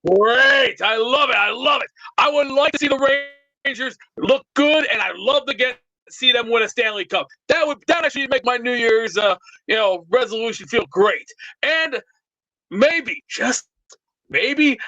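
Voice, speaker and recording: A man calling into a show, ranting in a brash, loud, rambling tough-guy bluster over lo-fi internet call audio. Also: very high voice, lively intonation, a little slow, no echo. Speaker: show caller. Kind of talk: comedic call-in rant. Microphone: remote internet call.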